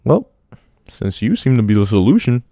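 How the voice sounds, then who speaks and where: A man's voice: mid-range voice, very animated, moderate pace, dark tone, no room sound, studio quality, voice pushed up. A man voicing a stern male teacher who lectures his class in a cold, condescending, threatening way.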